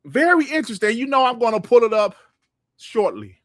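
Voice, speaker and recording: Dude with a high voice going off on a profane rant, all over the place pitch-wise. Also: male voice, fairly quick, dry recording, studio quality. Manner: heated, profane, animated ranting. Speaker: gaming podcast host. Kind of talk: livestream commentary rant.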